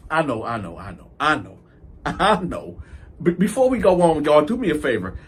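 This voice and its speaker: A man with a husky, fairly high voice spins a casual story to camera. He swings his pitch all over and acts out every scene with plenty of swearing. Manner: animated, profane, acts out the scenes. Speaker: storytelling video host.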